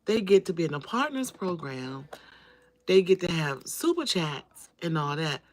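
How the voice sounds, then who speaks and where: Talking directly to her viewers on a casual livestream, a woman greets them by name and repeats phrases to emphasize them. Her lowish voice swings widely in pitch and runs a little slow, with slight background noise.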